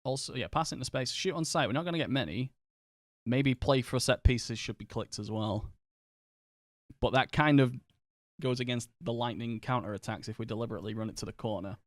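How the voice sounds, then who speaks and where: A man's voice: medium pitch, no echo. A man with a Northern English accent talks loosely over a live game stream, rambling from tactics into stories and laughing easily. His voice sits in an ordinary middle register. The recording is close and dry, with no room sound. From England. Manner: chatty, rambling, quick to laugh and swear. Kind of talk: casual live-stream chat while gaming.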